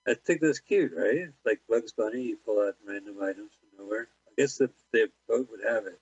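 A man's voice: on the low side, a little mellow, slightly rough, no room sound. A man co-hosting an internet radio show, cracking jokes about a movie. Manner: wisecracking, quick puns. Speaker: podcast co-host. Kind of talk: casual movie riffing. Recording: dry dull lo-fi sound.

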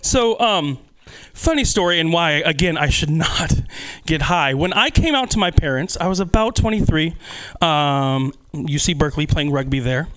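A man's voice: fairly high pitch, normal speed, fairly bright tone, smooth. A man in his twenties doing a stand-up comedy set in a small club, profane and self-deprecating, laughing at his own jokes. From California.

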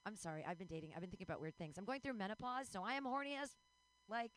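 A woman's voice: medium pitch, lively intonation, very fast, a bit bright, low-quality recording. A woman in her forties doing a bawdy, self-mocking stand-up set, breaking into squealing voices. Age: 40s. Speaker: stand-up comedian.

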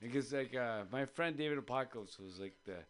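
A man's voice: mid-range voice, fairly quick. A man casually telling a long, rambling story on a radio show, swearing freely and slipping into voices for the people in his story. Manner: rambling, profane, acts out voices in his stories.

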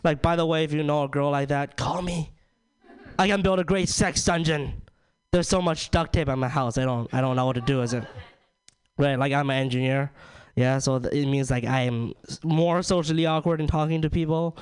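A man's voice: a little high, steady tone, fairly quick, clean tone. A young man from China doing a ranting, self-deprecating stand-up comedy set, leaning on "like" and "right?". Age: young adult.

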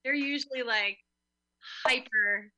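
A woman's voice: on the high side, takes it slowly, sharp tone. A woman hosting an online show, chatty, laughing often and filling her talk with "like". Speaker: host. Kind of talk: casual chat.

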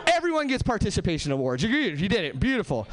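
A man from Southern California doing a stand-up comedy set on a club stage, punchy and animated, swinging his voice high and low for effect. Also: fast.

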